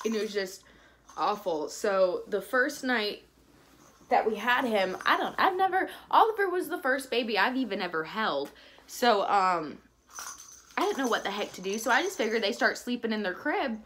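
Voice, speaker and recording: A woman's voice: medium pitch, sing-song, normal speed, fairly bright tone, slight background noise. A young woman telling a casual, chatty story in a vlog, with lots of "like"s and bits of baby talk. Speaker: vlogger and new mother.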